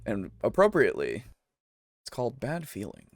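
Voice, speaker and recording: A man narrating a tabletop role-playing game as game master, slow and halting with many pauses and fillers. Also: medium pitch, wildly swooping pitch, no echo.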